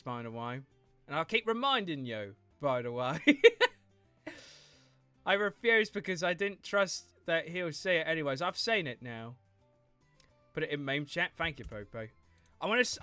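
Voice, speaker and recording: A man's voice: fairly high pitch, very animated, normal speed, pushed and bright, no room sound, faint music behind. A man chatting playfully with his viewers while he livestreams a game, teasing and laughing often. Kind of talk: casual gaming stream chat.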